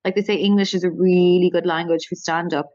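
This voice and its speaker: A woman's voice: fairly low pitch, fairly even intonation, fairly quick, darkish tone, no room sound, highs cut off. A woman with an Irish accent, a stand-up comedian talking in a casual interview, rambling and self-deprecating. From Ireland.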